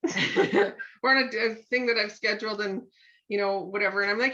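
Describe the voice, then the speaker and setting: A woman's voice: mid-range voice, fairly even intonation, normal speed, bright, forceful tone. A middle-aged woman leading a live coaching talk, chatty and encouraging, often acting out little everyday scenes. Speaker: sales team trainer. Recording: muffled lo-fi room sound.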